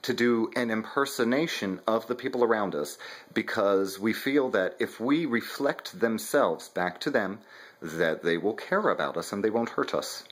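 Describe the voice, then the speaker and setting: Low-voiced man hosting a chat. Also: expressive, moderate pace, breathy edge. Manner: conversational, joking, explanatory. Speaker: host. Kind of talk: casual discussion.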